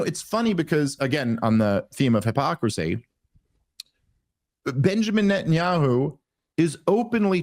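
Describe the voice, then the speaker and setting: A man arguing on a political podcast, heated and sarcastic, often restarting his sentences. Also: on the high side. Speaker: debate guest. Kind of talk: political debate conversation.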